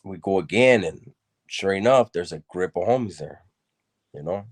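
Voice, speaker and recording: A man with a very low, deep voice recounts his own past in an unhurried, conversational way. He talks loosely, leaning on street slang and often repeating himself as he goes. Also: animated, slightly rough. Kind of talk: casual spoken storytelling.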